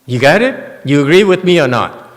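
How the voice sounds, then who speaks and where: Speaking at a moderate pace in a sing-song voice on the high side, a Buddhist master lectures on a sutra. He quizzes and teases the audience with emphatic questions, and his words ring through a reverberant temple lecture hall.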